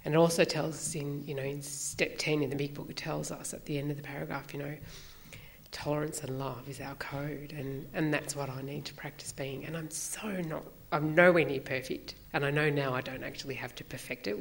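A woman sharing her personal story at a recovery meeting, reflective and halting, with many fillers. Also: low-pitched, fairly even intonation, vocal fry.

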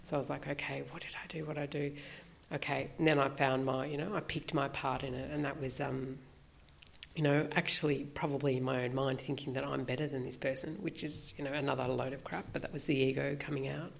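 A woman sharing her personal story at a recovery meeting, reflective and halting, with many fillers. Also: rumbling low, level tone, vocal fry.

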